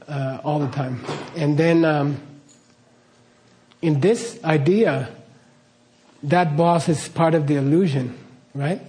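A man's voice: a little high, a little mellow. A middle-aged man giving a casual spoken teaching talk, chatty, often laughing and checking in with "okay?". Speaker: teacher of karma ideas.

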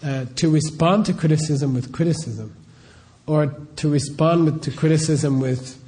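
Mellow man teaching with rhetorical questions. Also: on the high side, normal speed. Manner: conversational, keeps checking in with rhetorical questions. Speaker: spiritual teacher. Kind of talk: informal teaching talk.

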